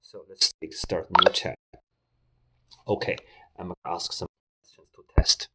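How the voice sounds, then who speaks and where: Guy testing a voice assistant, kinda hesitant, bright sound. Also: deep voice, flat delivery, unhurried, low-quality recording. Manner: hesitant, with many fillers. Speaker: tech reviewer host. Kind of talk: casual talk to a voice assistant.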